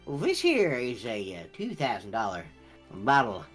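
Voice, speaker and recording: A man's voice: mid-range voice, wildly swooping pitch, normal speed, fairly bright tone, faint music behind, voice pushed down. A man voicing an old male vulture shopkeeper who talks in a sly, folksy drawl. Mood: sly salesman. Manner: folksy drawl, calls listener sonny.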